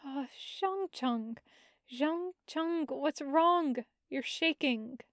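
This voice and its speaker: Teasing, affectionate young man, high and unhurried, read by a woman. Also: no echo, clean studio sound, full character voice. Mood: tender. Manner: coaxing, gently scolding.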